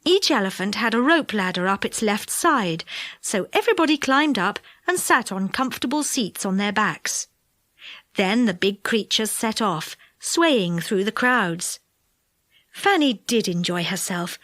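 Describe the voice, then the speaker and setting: Unhurried, lively woman reading aloud. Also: mid-range voice, no room sound, clean studio sound. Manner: expressive and unhurried. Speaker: audiobook narrator. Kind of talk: children's audiobook narration.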